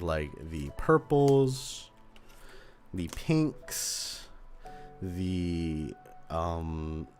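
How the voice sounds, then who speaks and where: Man, very low voice, casual stream chat, lofi music behind. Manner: relaxed, rambling, reads out chat. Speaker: journaling livestreamer.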